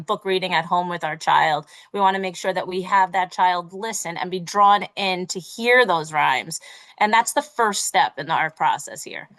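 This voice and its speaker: A woman's voice: medium pitch, fairly bright tone, poor audio. A woman teacher presenting a parent workshop, explaining in a friendly way with small fillers.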